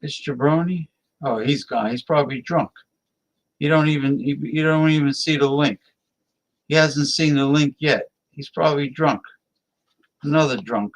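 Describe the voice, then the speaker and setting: A man's voice: a little high, normal speed, pauses often, rough recording. A man hosting a live-stream talk show, rambling casually and muttering to himself as he invites guests.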